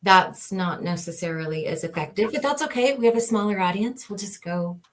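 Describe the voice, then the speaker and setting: A woman's voice: mid-range voice, lively intonation, fairly quick, a little hiss or hum. A woman co-hosting a casual spiritual live stream, talking reflectively and greeting viewers by name.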